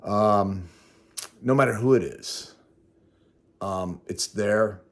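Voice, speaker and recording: A man's voice: on the low side, slow. A man vlogging a casual spoken recap of his day, rambling and correcting himself as he goes. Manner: conversational, rambling, self-correcting. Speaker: travel vlogger.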